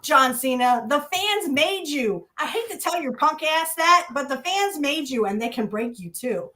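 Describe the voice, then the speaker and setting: A woman's voice: sits high, sharp tone. A woman co-hosting a casual wrestling review podcast, talking bluntly with swearing and mocking rants. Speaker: podcast co-host.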